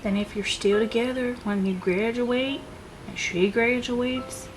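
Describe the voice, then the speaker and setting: A woman voicing a gentle teenage girl who talks to ghosts in an amateur voice drama, coaxing and kind in manner. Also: a little high, fairly even intonation, measured pace, background noise, close to an everyday voice.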